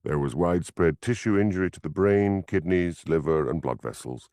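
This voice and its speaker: A man's voice: deep voice, normal speed, dark tone, no room sound, clean studio sound, natural voice. A man voicing a matter-of-fact female pathologist who explains things in a clinical way, in a storybook.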